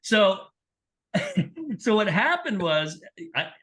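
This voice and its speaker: Animated middle-aged man telling stories. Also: high voice, extremely slow. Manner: animated storyteller, acts out quoted people. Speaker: podcast guest, sports nutrition scientist. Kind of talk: casual interview storytelling.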